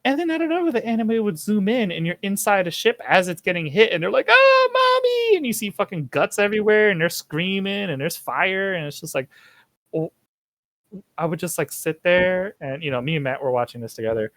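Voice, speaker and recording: A man's voice: sits high, brisk, dry recording. A young man hosting a casual podcast chat, rambling and swearing as he talks. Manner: rambling, profane, animated. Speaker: podcast host.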